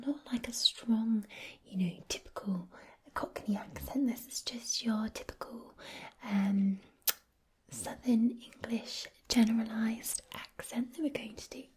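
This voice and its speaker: A woman's voice: a little high, mellow. A woman from Scotland giving a whispered ASMR talk, rambling with many fillers. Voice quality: husky whisper. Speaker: ASMR creator.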